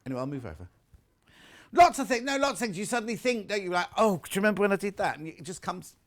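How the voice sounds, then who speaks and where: A man's voice: sits high, big pitch swings, fast talker. Chatty male shopping channel host. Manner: chatty, self-mocking, jokey. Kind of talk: live TV shopping chat, reading viewer messages. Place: TV studio.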